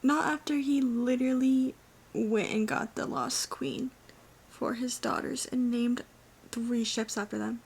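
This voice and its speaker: A young woman vlogging her reactions to a fantasy series, excitable and often dropping to a whisper. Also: fairly high pitch, measured pace, creaky, breathy edge. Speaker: book vlogger. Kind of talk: casual reading reactions. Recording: faint background noise.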